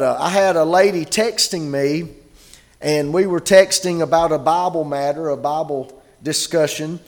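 Man, preacher, fairly high voice, chatty sermon, slow scripture reading. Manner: conversational preaching, reading scripture aloud slowly. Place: church gathering.

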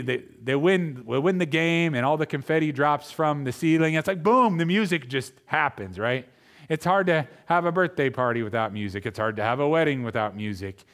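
A pastor preaching a sermon, speaking straight to his congregation and swinging between quiet, intimate lines and loud, emphatic ones. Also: mid-range voice. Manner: addresses the congregation directly.

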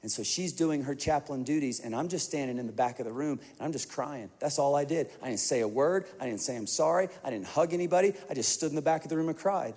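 A man preaching a sermon to a large congregation, telling stories in an animated way that swings from hushed to emphatic. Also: fairly high pitch, fast, few pauses. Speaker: pastor. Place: large church auditorium. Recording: long reverb of a large hall.

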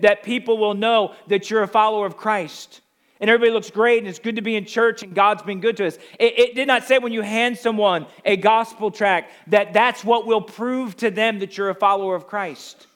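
A pastor from the Northeastern US with a New Jersey accent, preaching a sermon with emphatic rhetorical questions. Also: male voice, high-pitched, fairly bright tone.

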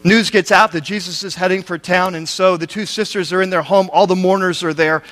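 A man's voice: high-pitched, fairly even intonation, fairly quick, a bit bright. A man preaching a sermon, retelling a scripture story in everyday speech with rhetorical questions to the listeners.

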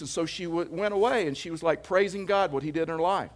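A man's voice: a little high, quick pace. A man in his fifties preaching a sermon as pastor, casual and anecdotal, repeating phrases for emphasis. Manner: conversational, anecdotal preaching with jokes.

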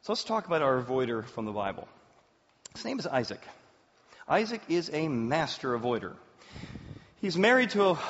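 Animated male pastor preaching in a hall. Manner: animated storyteller, big swings in pitch and loudness. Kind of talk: sermon. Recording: roomy hall, dull sound.

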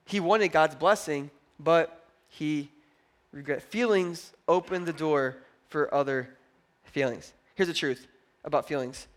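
A male pastor preaching a sermon in a conversational way, swinging between loud emphatic stretches and quiet low ones and acting out quoted voices. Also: a little slow.

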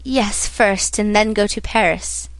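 A woman's voice: mid-range voice, unhurried, no room sound, close to an everyday voice. A woman reading the part of an earnest, polite young male sailor in a storybook. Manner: polite, respectful, eager.

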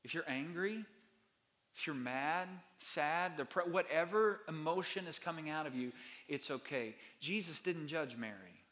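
A middle-aged male pastor preaching a sermon with an earnest, repetitive cadence, dropping his voice softly on key lines. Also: on the high side, expressive, unhurried.

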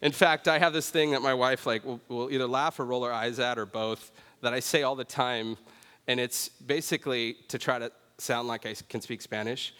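A man's voice: mid-range voice, fairly even intonation, moderate pace, bright, forceful tone, smooth. Casual guy pastor telling a story from the pulpit, big hall echo, mid voice. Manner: conversational, self-deprecating, often says "right?". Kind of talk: sermon with personal story. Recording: long reverb of a large hall.

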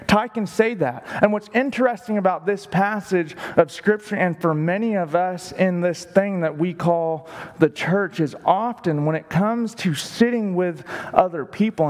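In a long, reverberant hall, a man preaches with a fairly high, slightly mellow voice. As pastor he is emphatic, drawing out words and varying his speed to stress his points.

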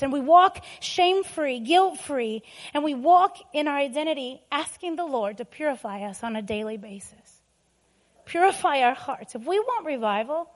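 A middle-aged woman preaching a sermon, telling personal stories emphatically and laughing often. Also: high voice.

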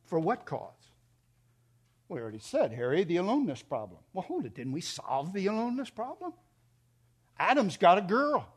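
Middle-aged man, pastor, sermon delivery, slightly high voice, dynamic and emphatic. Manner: expressive preaching, voice rising and dropping.

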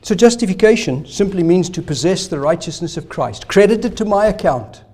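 A male pastor preaching a sermon, emphatic, asking rhetorical questions and swinging between loud declarations and soft asides. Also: sits high, expressive, normal speed, husky.

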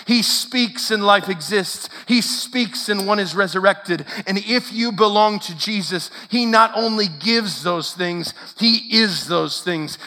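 Man speaker, high bright voice, unhurried, emphatic sermon, hall echo. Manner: emphatic, storytelling, rising to forceful declarations. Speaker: camp speaker. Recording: long hall reverb.

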